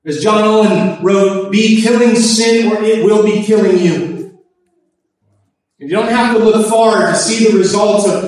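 A man preaching a sermon at a church service, emphatic and repeating his key phrases, in an echoey, distant recording. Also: high voice. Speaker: pastor.

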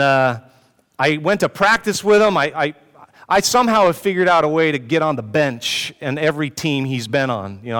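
A man's voice: medium pitch, fairly bright tone, smooth. Man preaching in a reverberant hall. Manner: self-mocking storyteller, jokes with the congregation. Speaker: pastor. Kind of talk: sermon with personal story. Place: church hall with an audience.

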